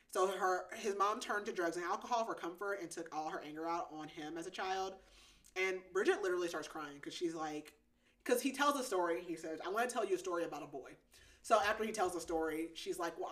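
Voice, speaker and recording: A woman's voice: on the low side, a bit bright. A woman hosting a podcast, casually recapping a romance novel with lots of "like" and frequent giggles. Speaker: podcast host. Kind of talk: casual book recap chat.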